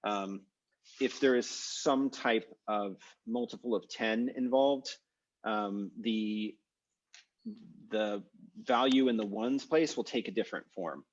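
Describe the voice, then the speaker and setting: A man's voice: fairly low pitch, takes it slowly, dull audio. A man teaching a live online language class over a video call, explaining step by step with many "uh"s and "um"s. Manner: explanatory, with frequent "uh" and "um".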